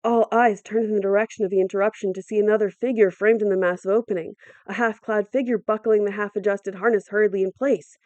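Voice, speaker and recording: A woman narrating an audiobook in a measured, dramatic storytelling manner. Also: mid-range voice, fairly even intonation, a little mellow, no room sound. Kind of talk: audiobook reading.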